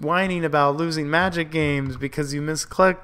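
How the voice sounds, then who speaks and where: A man's voice: fairly high pitch, fairly even intonation, moderate pace, hardly any pauses, fairly bright tone, clear, resonant tone. A man casually commenting on his own online card game, thinking aloud about plays and grumbling at his own mistakes. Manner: self-critical, frustrated muttering and outbursts. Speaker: gameplay commentator.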